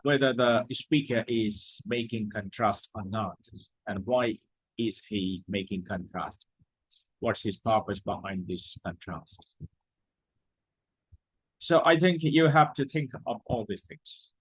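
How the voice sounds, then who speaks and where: A man's voice: on the low side, takes it slowly, breathy edge, no echo, poor audio. A man teaching a class, explaining words and repeating his points with emphasis. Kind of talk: classroom lecture.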